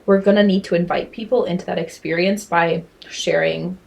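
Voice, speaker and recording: A woman's voice: fairly low pitch, steady tone, moderate pace, creaky. A woman in her twenties talking thoughtfully and hesitantly in a casual podcast chat, with many "like" and "you know" fillers. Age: 20s. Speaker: podcast co-speaker. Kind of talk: casual reflective conversation.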